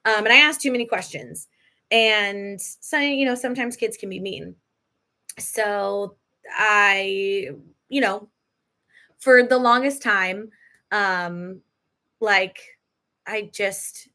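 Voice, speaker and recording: A woman's voice: medium pitch, bright, forceful tone. A woman hosting a live podcast Q&A, chatty and emotional, laughing often as she talks. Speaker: podcast host. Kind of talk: live Q&A chat.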